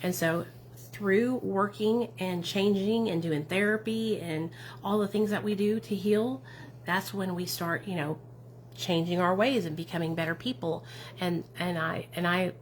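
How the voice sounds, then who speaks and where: A woman's voice: fairly low pitch, steady tone, unhurried, slight background noise. A woman talking casually on a livestream as a recovery advocate, answering viewer comments in an affirming, encouraging way and often tagging her points with questions. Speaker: addiction recovery advocate and streamer.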